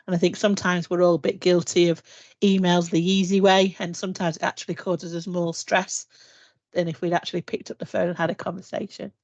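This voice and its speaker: A woman's voice: on the low side, little pitch movement, a little fast, a little mellow, dry recording. A woman on a panel video call who explains a point patiently and repeats an example sentence with changing stress. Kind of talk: casual video-call discussion. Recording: dull lo-fi video-call audio.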